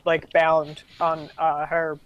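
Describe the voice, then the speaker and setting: A man narrates a tabletop game as game master in a flat, level voice. He rambles and hedges, piling up fillers as he goes. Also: fairly high pitch, slow pace, clear, resonant tone, dull audio.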